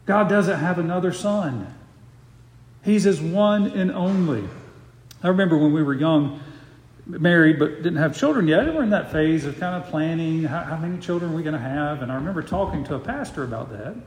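Middle-aged guy preaching, slows way down on key phrases, highish voice, big echoey church hall. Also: animated. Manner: slows to stress key phrases, repeats words. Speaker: pastor. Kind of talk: expository sermon. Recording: roomy hall reverb.

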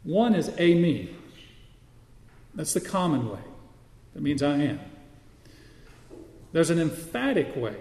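Male pastor, sermon, mellow higher voice, teaching tone, roomy reverberant hall. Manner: teaching, asks the listeners questions. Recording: echoey hall, voice from far off.

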